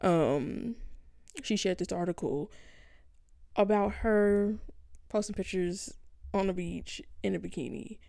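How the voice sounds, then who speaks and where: A woman co-hosting a podcast, chatting casually and reading out news in a relaxed, laid-back way. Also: mid-range voice, takes it slowly, vocal fry, long pauses, no room sound, clean studio sound. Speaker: podcast co-host.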